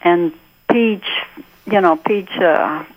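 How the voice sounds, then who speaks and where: A woman calling in to a radio gardening show, chatting with halting, simple phrasing and lively storytelling. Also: fairly low pitch, no echo, narrow, tinny audio. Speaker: regular radio caller. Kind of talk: casual phone-in chat.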